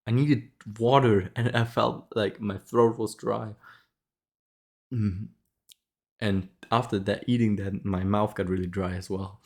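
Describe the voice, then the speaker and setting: Low-voiced man telling a story casually. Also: steady tone, measured pace, creaky, darkish tone. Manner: rambling, many fillers and restarts, frequent laughs. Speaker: vlogger.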